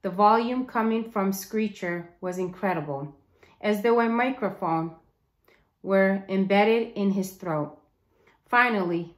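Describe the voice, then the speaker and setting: A woman teacher reads a novel aloud, taking her time and bringing the story to life. Her mid-pitched voice moves at a slow, careful pace, and it rings in a roomy space.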